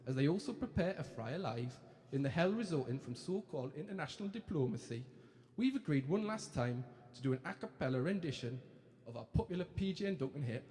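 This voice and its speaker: Using his natural voice, a little high with a darkish tone, a man does a live impression of two chirpy young male TV presenters in a brash, sweary, mock-cheerful Geordie style. He's animated and fairly quick, performing on a venue stage as the echoey hall rings with crowd laughter.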